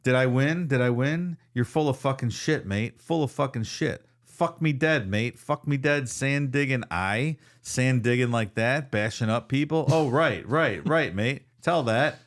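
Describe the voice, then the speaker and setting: A man's voice: mid-range voice, measured pace, hardly any pauses, close to an everyday voice. A man voicing a foul-mouthed old male Outback brawler, rambling, boastful and swearing as he reads a transcript aloud.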